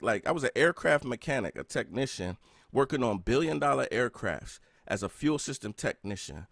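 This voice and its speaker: A man's voice: medium pitch, expressive, moderate pace, vocal fry, a bit bright, no room sound, studio quality. A man in his thirties hosting a podcast, earnestly telling a personal story and often checking in with "right?". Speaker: podcast host.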